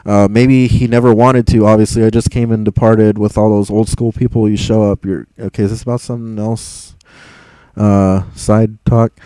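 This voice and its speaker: A young man talks casually on a livestream, rambling and exasperated as he reads comments. His voice is mellow and dark in tone, recorded close and dry with no room sound. He swears freely and laughs between thoughts. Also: on the low side, level tone, normal speed, clear, resonant tone, no echo, rough recording. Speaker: livestream host reading chat.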